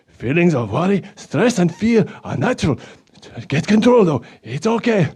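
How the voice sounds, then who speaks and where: A man hosting a lively children's Bible show, upbeat and coaxing as he talks straight to the kids. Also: high voice, moderate pace, vocal fry, slightly rough.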